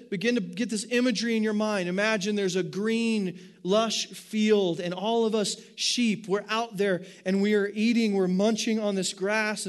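A pastor with a high voice delivers a lively, animated sermon, throwing out rhetorical questions as he preaches.

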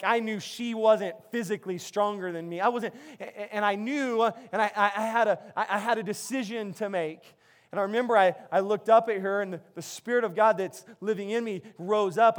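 A man with a notably high voice preaches to his congregation. He tells stories in an animated way, often restarting his phrases as he builds toward his point. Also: fairly quick. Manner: animated storytelling with many restarts. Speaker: pastor. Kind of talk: sermon.

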